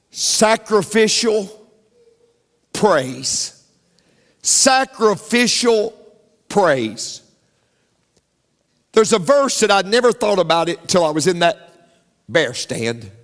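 Slow, soaring male preacher in a reverberant hall. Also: extremely high pitch, fairly bright tone. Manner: emphatic, repeats key lines, drops to near-whispers for effect. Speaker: pastor. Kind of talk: preaching a sermon. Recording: long reverb of a large hall.

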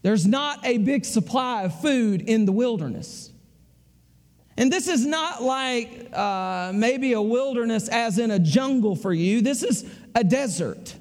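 A man's voice: very high voice, animated, a little slow, darkish tone. Southern man, preacher, folksy conversational sermon, echoing church hall reverb. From American South.

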